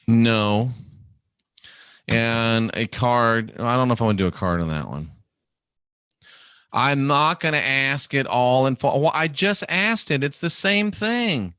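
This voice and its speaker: A man's voice: medium pitch, expressive, unhurried, a bit bright, smooth, no echo, clean studio sound. A man hosting a casual livestream, reading viewer questions aloud and answering them by name in a rambling, chatty way.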